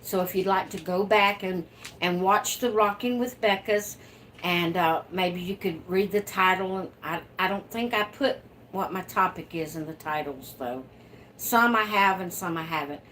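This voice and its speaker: A woman's voice: on the low side, measured pace, fairly bright tone, a little hiss or hum. A woman hosting her own livestream from home, chatting casually and laughing often as she reads out viewer comments. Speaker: livestream host. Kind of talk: casual live chat reading viewer comments.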